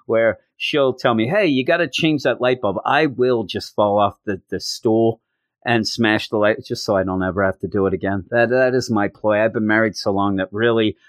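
A middle-aged man hosting a comic book podcast, animated and gleeful, acting out the dialogue as he recaps it. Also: lowish voice, moderate pace, no echo. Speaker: podcast host.

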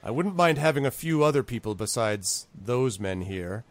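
A man voicing a gruff, weary male dwarf innkeeper who talks tersely in a tabletop game. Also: medium pitch, animated, moderate pace, lightly acted.

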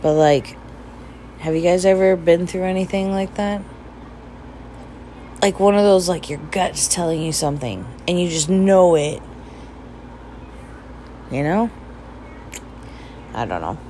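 A chatty young woman with a slightly low voice tells a personal story for her vlog, playfully acting out what she and others said. A faint hum of background noise sits under her voice. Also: lively intonation, measured pace, pauses often, dark tone, poor audio. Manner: chatty, laughs often, acts out quoted dialogue. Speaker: vlogger.

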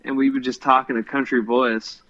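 A man's voice: medium pitch, little pitch movement, moderate pace, fairly bright tone, dull audio, slight background noise. A young man co-hosting a podcast in casual chat, rambling and hesitant with lots of ums. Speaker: podcast co-host.

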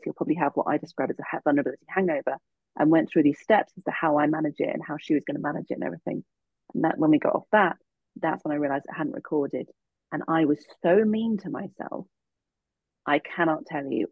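A woman's voice: low-pitched, breathy edge, no echo. Woman, coach as podcast guest, giggly storyteller, dry close sound. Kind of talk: casual podcast chat. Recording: dull lo-fi podcast audio.

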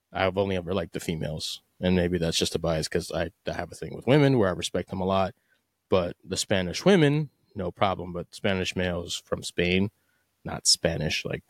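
A podcast host from the United States speaks in a low-pitched voice, recorded at studio quality with no echo. His casual solo talk is blunt, opinionated, and profane commentary.

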